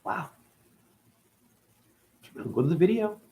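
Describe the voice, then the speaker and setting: A man in his forties hosts a rambling, profane livestream talk, animated yet slow-paced, with jumpy swings in pitch. His voice is a little mellow.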